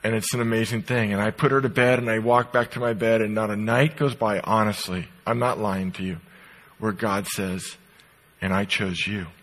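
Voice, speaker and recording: Man, middle-aged, pastor, sermon in a church, emphatic, breathy husky voice. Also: lowish voice, steady tone, normal speed, rough recording. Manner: emphatic, swinging from loud to soft. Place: church sanctuary.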